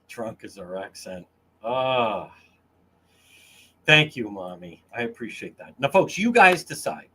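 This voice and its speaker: A man's voice: mid-range voice, big pitch swings, takes it slowly, long pauses, sharp tone, husky. Crude, mocking man hosting a livestream. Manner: crude, mocking, talks to chat. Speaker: livestream host. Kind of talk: casual livestream commentary.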